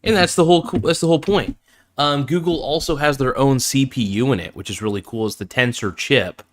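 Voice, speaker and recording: A man's voice: medium pitch, a little fast. Guy rambling thru a live phone review, lots of ums, super into the tech. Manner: rambling, lots of fillers and restarts; enthusiastic fan, easily impressed. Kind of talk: casual live-stream product review.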